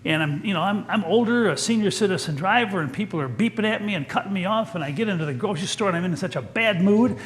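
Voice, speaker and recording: A man's voice: sits high, lively intonation, quick pace, hardly any pauses, pitched above the performer's own voice. A man voicing an older woman from his congregation, crabby and tired, in a slightly raised, fretful tone.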